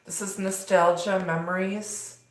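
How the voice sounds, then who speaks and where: A woman's voice: medium pitch, fairly even intonation, measured pace. A woman giving a live tarot reading, talking in a rambling way with many fillers. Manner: rambling, filler-heavy delivery. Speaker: tarot reader. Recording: echoey room.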